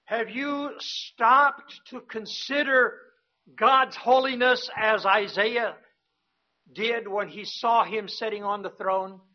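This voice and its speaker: A man with a strikingly high voice preaches a sermon at an unhurried pace, leaning hard on repeated words as his voice lifts and grows louder. The recording is muffled and lo-fi. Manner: slow, emphatic preaching that rises in pitch and volume on repeated words. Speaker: missionary preacher. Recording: dull, lo-fi sound.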